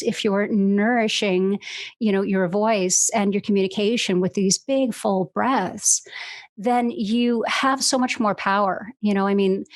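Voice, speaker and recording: A woman's voice: mid-range voice, dry recording. Woman guest, voice coach; easygoing explainer, fillers everywhere, video-call audio, dry. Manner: explains fluidly with many fillers like "you know" and "right". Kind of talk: casual podcast conversation.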